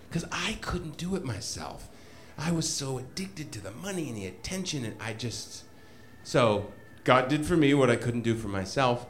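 Animated male comic telling a story. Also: mid-range voice. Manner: animated, self-mocking, laughs often. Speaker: guest comedian telling a story. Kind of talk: live comedic storytelling.

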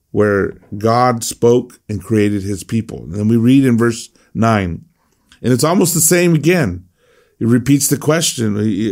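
Male pastor, gravelly, mid-pitched, earnest devotional teaching with emphatic repetition. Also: darkish tone. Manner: earnest, repeats phrases for emphasis, acts out voices.

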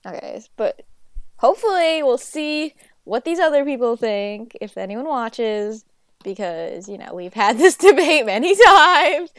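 A young woman with a New York accent co-hosting a casual debate podcast, teasing and quick to giggle. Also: sits high, big pitch swings, fairly bright tone, dry recording, clean studio sound. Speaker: podcast co-host.

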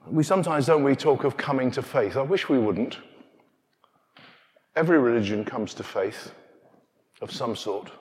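A man with an English accent preaching a sermon, telling stories with animated asides. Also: medium pitch, normal speed, long pauses. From England. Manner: animated storytelling, acting out scenes in hushed asides. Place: church. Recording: long reverb of a large church.

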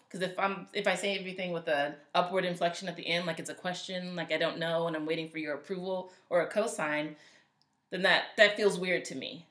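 A woman's voice: fairly low pitch, steady tone, a little fast, a bit bright, reverberant. A woman co-hosting a casual podcast chat, speaking in a definitive, confident way with easy laughs. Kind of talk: casual conversation.

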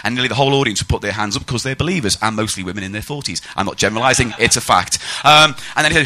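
Male stand-up, animated and mocking, bright and pushy. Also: lowish voice, very fast, few pauses. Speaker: stand-up comedian. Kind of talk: live stand-up comedy set.

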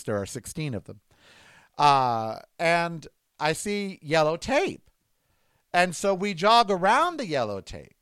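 Guy telling a story, acts out voices, slightly high, dry close sound. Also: clean tone, no room sound. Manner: animated anecdotal, acts out dialogue. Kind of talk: casual storytelling monologue.

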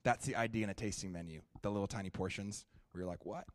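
A young man preaching a sermon at a church, shifting from animated, joking storytelling to quiet, prayerful ministry. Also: fairly low pitch, fast, no room sound. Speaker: guest preacher.

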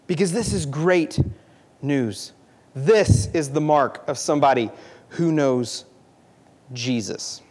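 Young male preacher with a high voice, earnest and conversational, repeats points for emphasis. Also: takes it slowly, pauses often, darkish tone. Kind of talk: sermon.

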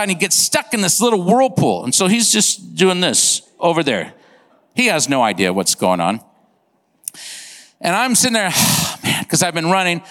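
A man preaching a sermon, telling a funny story in an animated, comic way and acting out sound effects. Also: high voice, big-room sound. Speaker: pastor. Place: church.

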